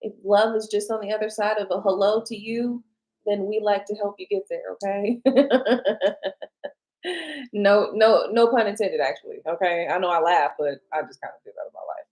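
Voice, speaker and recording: A woman's voice: mid-range voice, fairly quick, rough recording. A woman reading tarot on a live stream, chatting with viewers and answering their comments with frequent laughs. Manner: animated and chatty, laughs often, talks straight to viewers.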